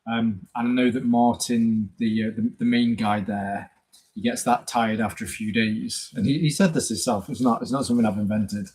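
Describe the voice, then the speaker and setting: A man with a husky, slightly breathy voice chats loosely on a live stream. He rambles from point to point and greets viewers by name as they arrive. His pitch sits in an ordinary middle range for a man. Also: fairly even intonation, normal speed, a little mellow, rough recording. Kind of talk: casual live stream chat.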